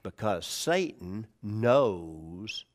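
A man's voice: on the low side, sing-song, drawn-out words. A man preaching a conversational verse-by-verse sermon, asking his listeners questions and adding folksy jokes. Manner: conversational, checks in with the congregation, asks questions; folksy humor. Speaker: pastor. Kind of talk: sermon, verse-by-verse Bible teaching.

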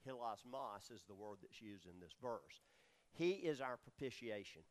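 Teaching scripture as a preacher, he explains terms and asks the room questions, leaning heavily on fillers. The voice sits on the low side, expressive, at a moderate pace.

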